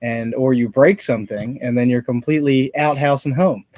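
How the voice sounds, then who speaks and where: A man's voice: medium pitch, normal speed, darkish tone, slight background noise. Joking, wry man on a livestream. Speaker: host. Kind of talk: casual livestream chat.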